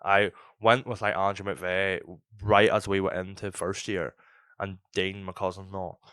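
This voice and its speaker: A man's voice: sits low, normal speed, smooth, no room sound, clean studio sound. Young man telling stories. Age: young adult. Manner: swearing, rambling, animated retelling. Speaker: podcast host. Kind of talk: casual storytelling chat.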